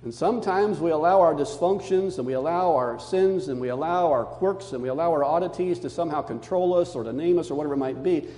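An older man, a pastor, delivering an animated sermon with emphatic storytelling, in a church. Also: on the high side, fast, hardly any pauses. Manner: emphatic, animated storytelling, calming to soft reflection. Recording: long hall reverb.

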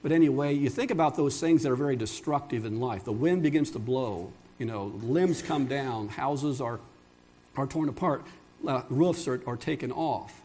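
A man's voice: medium pitch, normal speed, dark tone. A middle-aged male pastor preaching a sermon in an earnest, conversational way, with asides and restarts.

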